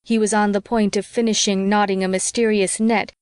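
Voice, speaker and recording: A woman's voice: medium pitch, brisk, clear, resonant tone, no echo. Woman narrating an audiobook, dry sound. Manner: steady first-person storytelling.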